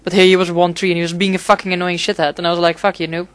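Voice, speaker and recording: A man's voice: high-pitched, level tone, racing, fairly bright tone, clear, resonant tone, no room sound. A man giving casual gameplay commentary, rambling and swearing a lot, with frequent fillers and restarts. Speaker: gaming commentator.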